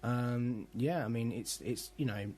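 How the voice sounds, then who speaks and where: A man's voice: medium pitch, a little slow, darkish tone. A man co-hosting a casual podcast, rambling with lots of fillers and restarts. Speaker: podcast co-host.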